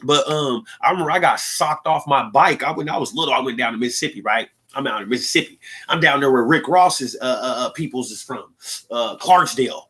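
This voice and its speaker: A man's voice: mid-range voice, fairly quick, sharp tone. A young man from the Pacific Northwest hosting a livestream, talking casually in a rambling, joking way with lots of slang and laughter. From Pacific Northwest (Seattle). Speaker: livestream podcast host. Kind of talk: casual monologue.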